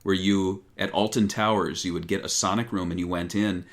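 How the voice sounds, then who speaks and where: A man co-hosting a podcast, chatting casually about games with a relaxed, hesitant manner. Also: sits low. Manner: relaxed, hesitant, does quick impressions. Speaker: podcast co-host. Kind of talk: casual chat.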